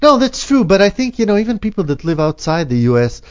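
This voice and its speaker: A man's voice: sits high, sing-song, fast talker, clear, resonant tone. A man hosting a morning radio talk show, chatting casually with many fillers. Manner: laid-back, many fillers. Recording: dull lo-fi radio audio.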